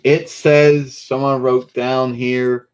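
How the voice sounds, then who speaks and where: A man talks through a live stream in an unhurried, drawn-out way, his pitch sitting in an ordinary middle range. He rambles, loops back and repeats himself as he answers viewers. It is a casual home-streamer sound, picked up by a computer mic. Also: level tone.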